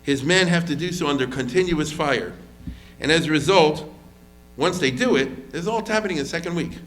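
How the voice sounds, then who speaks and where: A rabbi with a fairly high-pitched voice moves briskly through an informal history lecture. He talks like he's chatting, restarting and using fillers often, and dramatizes quotes with spirited voices.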